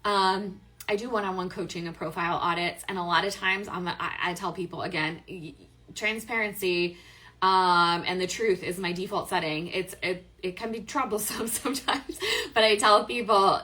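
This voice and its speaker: A woman with a mid-range, brisk voice and a sharp tone hosts a live stream on affiliate marketing. She reads out viewer questions and answers them in a chatty, upbeat manner, full of fillers and self-corrections.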